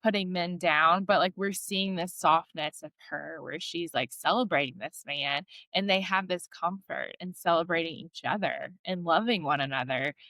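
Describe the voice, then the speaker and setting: A woman's voice: low-pitched, pushed and bright, no room sound. A woman therapist joining a podcast chat, earnest and thoughtful.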